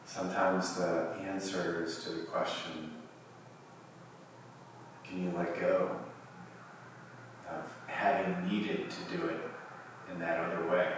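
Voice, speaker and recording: Slow, deep-voiced male yoga teacher. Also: slight background noise. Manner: slow, calm guiding cues with long pauses. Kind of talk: guided yoga class. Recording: distant mic in a very echoey room.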